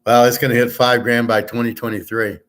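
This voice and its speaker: A man hosting a casual livestream, talking loud and clear on purpose, blunt and opinionated, rambling from one point to the next. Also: medium pitch, level tone, a little fast, slight background noise. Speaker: sports handicapping show host. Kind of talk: casual livestream chat with viewers.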